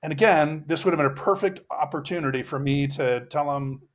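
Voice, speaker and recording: Interviewed on a podcast, a middle-aged man who works as an executive coach earnestly reflects on a personal story, stumbling through fillers and restarts. He speaks fairly quickly in a slightly high voice.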